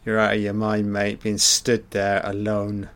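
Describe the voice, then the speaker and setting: A man's voice: lowish voice, a little slow. A man giving a casual, sweary commentary on a film, muttering his reactions as he watches. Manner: relaxed, sweary, muttering asides.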